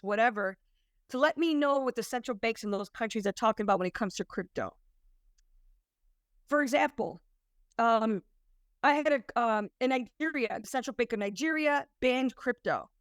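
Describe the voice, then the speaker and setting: A woman's voice: on the high side, smooth, no room sound, clean studio sound. A woman working as a compliance consultant, talking to an audience in an emphatic, conversational storytelling way. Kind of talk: presentation to an audience.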